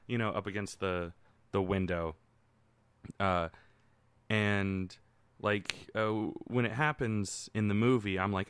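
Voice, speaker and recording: Low-voiced man telling an exasperated story. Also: normal speed, smooth, no echo. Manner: animated storyteller, mock-exasperated, swears. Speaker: podcast co-host. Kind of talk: casual chat.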